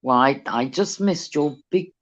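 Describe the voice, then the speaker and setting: Heard over muffled, lo-fi call audio, this cheeky British co-host keeps a fishing livestream chatty with stories, acting out what others said. He speaks at a medium pitch, a little slowly.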